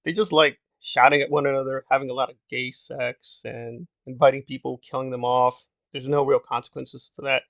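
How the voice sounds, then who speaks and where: A man's voice: mid-range voice, level tone, moderate pace, gravelly, hardly any pauses, fairly bright tone, dry recording. A man giving a casual, opinionated review monologue, critical and exasperated, with sarcastic asides. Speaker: video reviewer.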